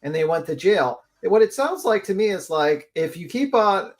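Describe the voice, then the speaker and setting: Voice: medium pitch, expressive, moderate pace. A panelist on a live audio stream, talking casually and profanely with lots of fillers like "like" and "uh".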